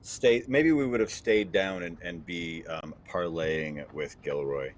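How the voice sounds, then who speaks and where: A man's voice: low voice, unhurried, slight background noise. A man playing a tabletop game, talking casually and hesitantly with restarts. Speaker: player. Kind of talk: casual chat.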